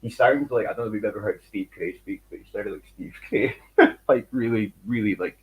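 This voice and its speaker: A man, chatting casually on a stream, animated and swearing freely. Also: fairly low pitch, brisk, low-quality recording. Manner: animated, swearing, laughing often. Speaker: stream co-host. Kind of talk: casual chat, storytelling.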